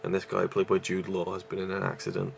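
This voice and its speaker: A man talks through a movie review, his deep voice catching on a gravelly rasp. He is out of breath and rambles, with many ums and restarts. A faint hum sits under the recording. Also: level tone, quick pace. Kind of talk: casual vlog review.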